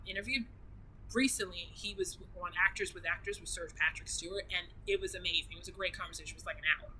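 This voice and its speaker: A woman's voice: mid-range voice, pushed and bright, a little hiss or hum, low-quality recording. A woman vlogger chatting casually and gushingly, rambling with many restarts. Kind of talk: casual chat.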